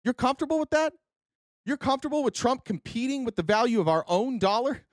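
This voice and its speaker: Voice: mid-range voice, lively intonation, quick pace, no room sound, studio quality. A political commentary host who reads news excerpts aloud and breaks into profane, sarcastic, heated rants.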